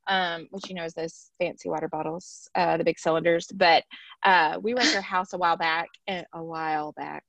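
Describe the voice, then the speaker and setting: A woman's voice: lowish voice, fairly even intonation, normal speed, vocal fry, fairly bright tone, dry recording. A woman hosting a podcast, chatting in a rambling, easygoing way and laughing easily. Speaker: podcast host. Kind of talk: casual chat.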